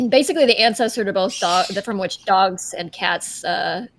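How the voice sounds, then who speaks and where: A woman's voice: medium pitch, lively intonation, normal speed, slight background noise. A woman artist answering fan questions on a casual livestream, thoughtful and hesitant, with many fillers.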